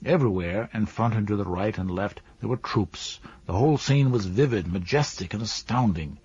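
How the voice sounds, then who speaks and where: A man narrating a classic novel as an audiobook in a measured, even storytelling manner. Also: on the low side, breathy edge. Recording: dull dry lo-fi recording.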